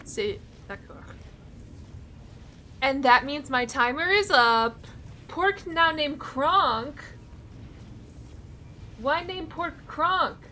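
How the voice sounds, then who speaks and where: A young adult woman chats with her viewers while she plays a game. Her voice sits a little high and her pace is unhurried. She laughs often, pokes fun at herself and reads chat messages aloud. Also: lively intonation, bright, forceful tone, slight background noise. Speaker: game streamer. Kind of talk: casual live-stream chat while gaming.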